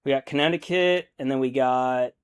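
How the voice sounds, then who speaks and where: A man's voice: mid-range voice, moderate pace, smooth. A young adult man chatting casually on a live stream while painting miniatures, rambling, thinking aloud and laughing easily.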